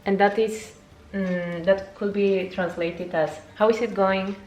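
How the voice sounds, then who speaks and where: A young woman, not a native English speaker, teaching a casual video language lesson in a chatty way, jumping high in pitch to show words. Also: takes it slowly. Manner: lively, jumps high to demonstrate words, chatty with fillers.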